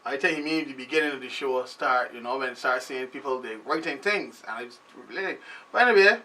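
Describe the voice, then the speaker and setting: A man's voice: medium pitch, brisk, distant mic. A man with a Barbadian accent, hosting a show in a loose, rambling casual commentary monologue. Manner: loose, rambling, animated delivery. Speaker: show host.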